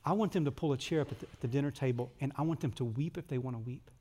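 A man preaching a conversational sermon, acting out prayers and shifting from lively, loud stretches to soft, intimate ones. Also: a little high, in a large hall. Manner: conversational, acts out prayers and dialogues, drops to soft intimate tones. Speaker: pastor.

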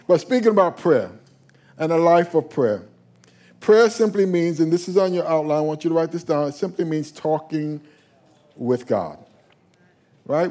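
A man's voice: on the high side, mellow. A male pastor preaching a sermon, calling for responses from the congregation and often restarting his phrases. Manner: call-and-response, stumbling restarts.

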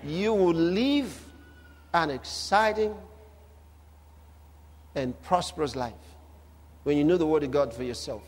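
A man preaching a sermon in a notably high voice, with vivid humor. He drives his points home through emphatic repetition and lively asides. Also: slow pace, pauses often. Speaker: pastor.

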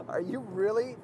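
A man's voice: sits high, pitched above the performer's own voice. A man putting on the voice of an insulted Renaissance master artist who swears at a rival and laughs through the lines. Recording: car road noise behind.

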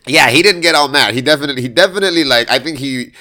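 A man telling a profane story about his taco stand in a casual chat, quick to act out what people said. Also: medium pitch, sharp tone. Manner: fast, profane storytelling with acted-out quotes. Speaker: taco vendor.

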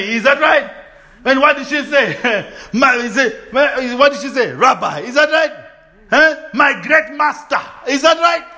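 Speaking in an extremely high pitch, a preacher works his sermon as call-and-response, repeatedly seeking agreement from his listeners. Shouts and laughter erupt in bursts along the way.

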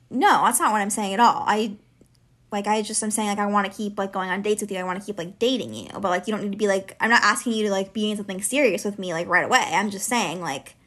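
A woman's voice: mid-range voice, a bit bright. A woman in her twenties, a podcast co-host, telling a long personal story in casual chat, with lots of "like" fillers. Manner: chatty, heavy use of filler "like".

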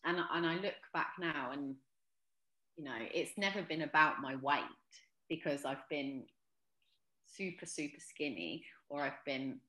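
A woman's voice: low-pitched, measured pace, bright, forceful tone, reverberant. A woman speaking as a podcast guest about mental health, earnest and reflective, with frequent ums and restarts. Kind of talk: casual podcast interview.

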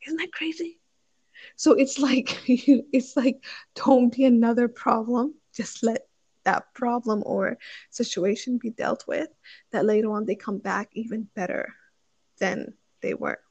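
A woman's voice: on the high side, unhurried, darkish tone, breathy edge, dry recording, dull audio. A young woman chatting casually, thinking aloud with many fillers and restarts as she gives marriage advice. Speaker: speaker sharing advice on marriage. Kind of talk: casual chat.

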